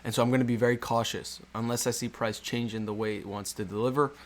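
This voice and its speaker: A man's voice: mid-range voice, fairly even intonation, fast. A man teaching trading over a chart walkthrough, asking rhetorical questions and repeating key points. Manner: rhetorical questions, repetitive explaining. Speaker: trading educator. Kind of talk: screen-recorded chart walkthrough.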